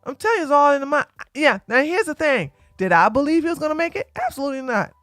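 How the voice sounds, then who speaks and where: A woman hosting a livestream, talking to viewers in a blunt, emphatic and preachy way that swings from loud to quiet. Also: sits high, big pitch swings, quick pace, no room sound, faint music behind. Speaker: livestream host. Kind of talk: casual livestream chat.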